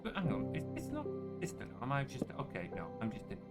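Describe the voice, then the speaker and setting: A man's voice: mid-range voice, huge pitch swings, fast talker, over music. A man hosting a live game stream, chatting casually, laughing often and greeting viewers. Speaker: streamer host.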